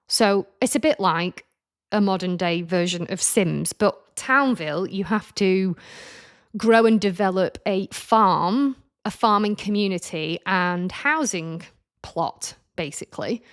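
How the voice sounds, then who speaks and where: A woman in her forties tells a personal story on her own podcast, chatty and self-deprecating. Her voice sits at an ordinary middle pitch, and she stumbles and restarts now and then as she gets into the retelling. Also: lively intonation, takes it slowly, clean tone. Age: 40s. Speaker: podcast host.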